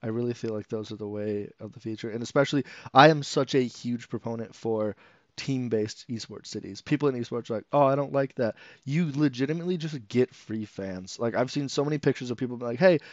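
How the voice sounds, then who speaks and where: Fast-talking man on dull lo-fi audio. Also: medium pitch, no room sound. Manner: rapid, filler-heavy, acts out quotes. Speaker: guest player. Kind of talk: casual esports podcast chat.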